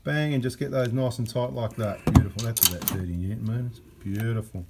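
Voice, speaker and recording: A man's voice: medium pitch, fairly quick, creaky, very noisy. Joking Australian man in a workshop. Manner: chatty and joking, keeps checking in with "right?" and "mate". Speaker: mechanic and workshop host. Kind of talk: casual workshop commentary.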